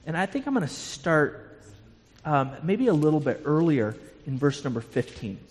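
A man with a fairly high voice teaches a Bible class in a hall where his words ring out with a long reverb. He explains passages step by step and often doubles a word as he restarts a sentence. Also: very animated, normal speed, darkish tone.

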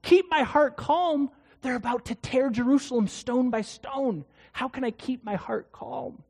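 A preacher voicing a frightened, agitated ancient king who protests in a raised pitch. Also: unhurried, gravelly, husky, exaggerated voice. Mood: alarmed. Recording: long hall reverb.

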